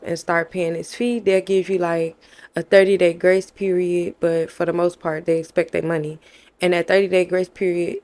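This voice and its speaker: This young woman, a faith vlogger, recounts something personal to her viewers in a frank, chatty way, addressing them as "y'all" and voicing the dialogue of people in the story. Her voice is on the low side, gravelly and somewhat dark.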